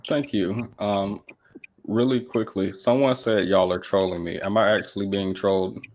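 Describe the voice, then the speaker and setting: Man, very deep voice, panel host, measured, polite, hesitant. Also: steady tone, a little mellow. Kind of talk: live-stream panel discussion.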